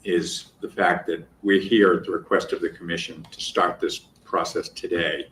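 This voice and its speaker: A man attorney raising a procedural point at a hearing, speaking in a hesitant, halting way. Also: low voice, fairly even intonation, a bit bright, echoey room, recorded from a distance, slight background noise, poor audio. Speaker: attorney for the appellant. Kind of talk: spoken objection at a hearing.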